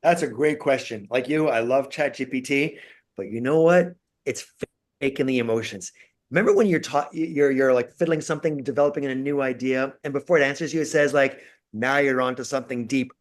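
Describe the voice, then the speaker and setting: A man who lectures at a university, a podcast guest telling stories with lively, acted-out asides. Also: medium pitch, fairly quick. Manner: animated storyteller, acts out quotes. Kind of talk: casual interview.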